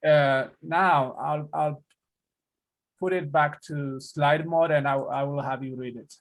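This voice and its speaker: Ethiopian-accented male tutor, slightly high voice, patient and slow, video-call lesson. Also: steady tone. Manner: patient, repeats words slowly for the learner. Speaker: language teacher. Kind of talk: one-on-one language lesson.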